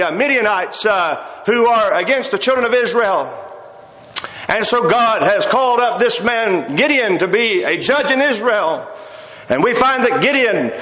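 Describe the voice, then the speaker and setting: High-voiced preacher in an echoey hall. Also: male voice, sharp tone. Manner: folksy storytelling with hesitant fillers and wry humor. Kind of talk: sermon. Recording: echoey hall with long reverb.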